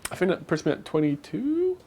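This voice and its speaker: A man's voice: sits high, wildly swooping pitch, brisk, darkish tone, a little hiss or hum. A man co-hosting a live stream from a home kitchen, chatting casually while he cooks and thanks viewers for donations. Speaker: streamer co-host.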